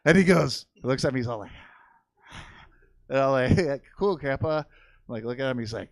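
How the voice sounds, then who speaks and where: On a comedy theater stage, a young man tells a crude family story as part of his stand-up set, swearing freely and acting out the people involved with voiced impressions. His mid-range voice is expressive and a little fast, broken by long pauses. The recording is dry.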